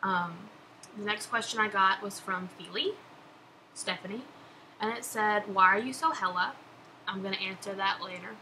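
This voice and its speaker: Young woman, casual vlog chat, gushing and giggly, mid-pitch, noisy background. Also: moderate pace, bright, forceful tone. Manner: chatty, laughing, gushing. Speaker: vlogger answering follower questions. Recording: background noise.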